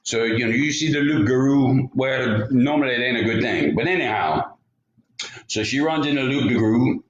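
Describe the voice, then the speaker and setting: Brief: Cajun man spinning a folk tale, lively, rambling asides, roomy recording. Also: mid-range voice, moderate pace, slight background noise. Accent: Louisiana Cajun. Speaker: storyteller. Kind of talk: folksy oral storytelling. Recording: roomy, slightly dull home recording.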